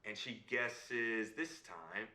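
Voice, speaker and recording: A man telling a fairy tale in an expressive way, swooping between high and hushed tones and checking in with his listener. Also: extremely slow, roomy sound, heavily acted. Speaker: storyteller. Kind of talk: animated fairy-tale storytelling.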